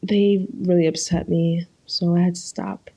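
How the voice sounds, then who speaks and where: Low, mellow-voiced woman podcast host. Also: steady tone, normal speed. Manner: loose and profane, acts out characters' lines. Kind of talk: casual chat recapping a TV episode.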